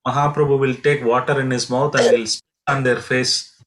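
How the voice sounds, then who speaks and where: A man leads a devotional lesson as a pilgrimage guide. He speaks in a halting way, full of fillers and restarts, as he tells the stories. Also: mid-range voice, flat delivery, rough recording.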